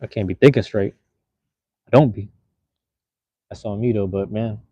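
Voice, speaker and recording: A man's voice: on the low side, steady tone, normal speed, warm tone, husky, no room sound. A man hosting a casual solo livestream, rambling in a laid-back, slangy way. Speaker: livestream host.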